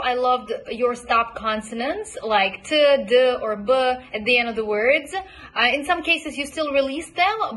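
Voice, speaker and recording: A woman coach giving recorded feedback on a student's homework, praising them and modeling words by repeating them slowly. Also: on the high side, bright, forceful tone. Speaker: accent coach.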